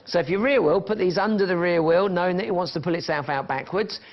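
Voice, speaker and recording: A man's voice: high-pitched, fast talker. A man presenting a live shopping channel, chatting and counting down prices. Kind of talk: live TV sales pitch. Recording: dull lo-fi broadcast sound with music behind.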